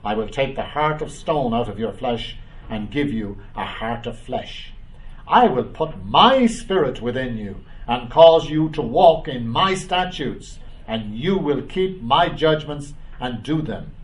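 A man's voice: medium pitch, lively intonation, recorded from a distance, rough recording. Man teaching scripture from afar. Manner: reads scripture aloud with comments; pauses with "uh" and "um". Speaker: preacher. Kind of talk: bible teaching.

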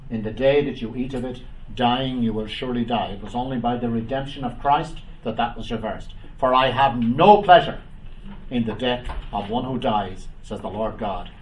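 A man preaching a Bible study, reading scripture aloud and commenting, with frequent "uh" and "um" pauses. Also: medium pitch, distant mic, slight background noise, low-quality recording. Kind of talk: bible teaching.

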